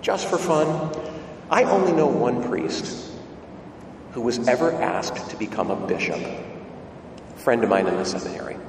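A man's voice: on the low side, very animated, a little slow, pauses often, slight background noise. A male priest preaching a conversational homily in a church, asking rhetorical questions and stumbling over repeated words. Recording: echoey church, far from mic.

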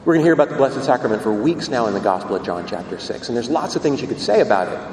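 A man preaching a sermon as a Catholic priest, telling stories in an animated, emphatic way, in a church. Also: medium pitch, very fast, a little hiss or hum. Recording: echoey church from a distance.

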